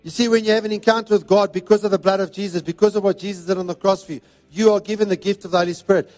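A pastor preaching a sermon in an emphatic, repetitive cadence. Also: male voice, sits high, fairly even intonation, rapid-fire, darkish tone, faint music behind. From South Africa.

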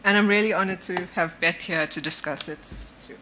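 Woman speaker at a conference, low, very bright voice, warm and candid. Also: fairly quick, a little hiss or hum. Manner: warm, candid, laughs easily. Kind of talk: conference presentation. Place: conference hall. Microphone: stage microphone.

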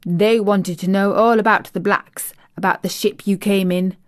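A woman's voice: mid-range voice, fairly even intonation, moderate pace, no room sound, clean studio sound, close to an everyday voice. A woman voicing a cheerful, chatty young maid with a broad Yorkshire accent. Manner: broad dialect, eager.

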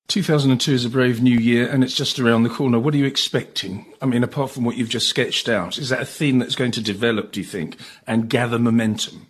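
Husky male interviewer. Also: mid-range voice, steady tone, fast talker, hardly any pauses. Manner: conversational, probing. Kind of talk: interview questions.

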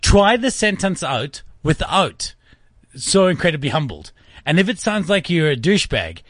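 A man's voice: sits high, normal speed, no room sound, studio quality. Man ranting on radio. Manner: animated, laughs while ranting. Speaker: guest commentator. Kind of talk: casual radio rant.

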